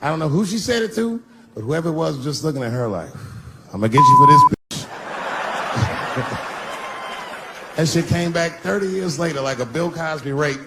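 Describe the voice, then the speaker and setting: Middle-aged guy doing stand-up, crude brash jokes, voice swoops up and down, loud live room noise. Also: on the high side, animated, fast, over a noisy crowd. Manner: brash, crude punchlines with mocking asides. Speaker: stand-up comedian. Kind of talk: stand-up comedy set. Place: live comedy stage before an audience. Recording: live stage recording with audience noise.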